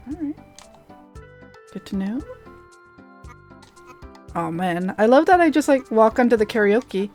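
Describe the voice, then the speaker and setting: A woman's voice: on the high side, normal speed, pauses often, darkish tone, soft background music. Chatty laughing woman streamer. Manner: chatty, laughs often, many fillers. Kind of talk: casual game stream chat.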